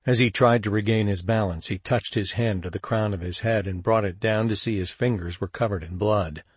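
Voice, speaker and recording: A man narrating a crime story in a steady, measured audiobook read. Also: lowish voice, breathy edge, no echo. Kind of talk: scripted narration.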